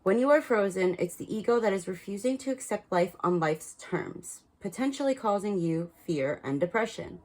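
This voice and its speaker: A woman's voice: mid-range voice, animated, normal speed, hardly any pauses, darkish tone. A woman giving a casual spiritual card reading, talking frankly and chattily and laughing at her own slips. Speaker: tarot card reader.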